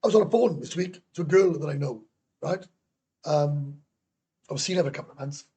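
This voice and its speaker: Welsh man, middle-aged, livestream host, blunt and rambling, swears freely, dark mellow tone. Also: on the high side, fairly quick, breathy edge. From Wales. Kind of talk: casual live-stream rant.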